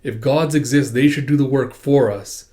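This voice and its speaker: A man reading a manga aloud, voicing a cool, blunt female detective boss in a flat, matter-of-fact way. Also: medium pitch, normal speed, close to an everyday voice. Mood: curt. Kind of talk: manga read-along voice acting.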